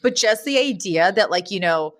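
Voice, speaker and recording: A woman's voice: mid-range voice, normal speed. A woman co-hosting a podcast, chatting casually and recapping a sitcom episode, laughing often and acting out the characters' lines. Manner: animated, laughs often, acts out quoted lines. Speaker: podcast co-host.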